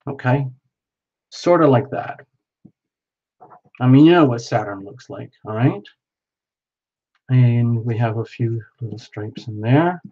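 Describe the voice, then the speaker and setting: Playful guy narrating his painting to chat live, real slow talker. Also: medium pitch, animated, husky. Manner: playful, talks to viewers, frequent exclamations. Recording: dull lo-fi sound.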